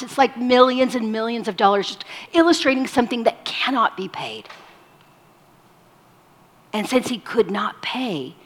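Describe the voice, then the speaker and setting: Slow, husky woman preaching in a hall. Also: medium pitch. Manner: swings from loud emphasis to soft whispers. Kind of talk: sermon. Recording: long hall reverb.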